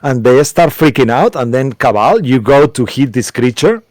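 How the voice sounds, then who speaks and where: A man's voice: mid-range voice, lively intonation, moderate pace, a little mellow, dry recording. Man, game master, rambling narration, tabletop game, dry close sound. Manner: rambling, filler-heavy narration.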